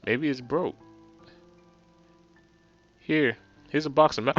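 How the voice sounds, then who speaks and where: A man with a New Jersey accent commentating a game, shouting excitably and loudly. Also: a little high, slow pace, creaky, long pauses. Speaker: let's play gamer. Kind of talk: let's play commentary and reading. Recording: slightly muffled with game music behind.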